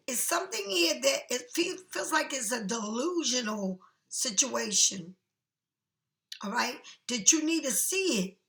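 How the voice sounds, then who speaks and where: A woman's voice: high-pitched, bright, forceful tone, echoey room. A woman doing a casual tarot reading for viewers, chatty and frank, swearing freely and calling the listener honey. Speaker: tarot card reader.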